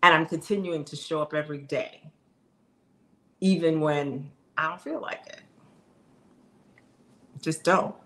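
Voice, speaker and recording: Middle-aged lady coach hyping her viewers up, bright and punchy, kinda low pitched. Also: unhurried, pauses often. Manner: emphatic, conversational, addresses viewers directly. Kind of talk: motivational casual talk.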